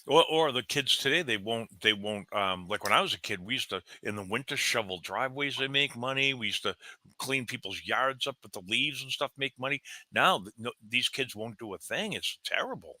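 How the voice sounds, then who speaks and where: A man's voice: medium pitch, expressive, brisk, sharp tone, no echo. A middle-aged man co-hosting a casual podcast, agreeing often and adding his own complaints. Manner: agreeable, frequent backchannel replies. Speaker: podcast co-host. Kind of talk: casual chat.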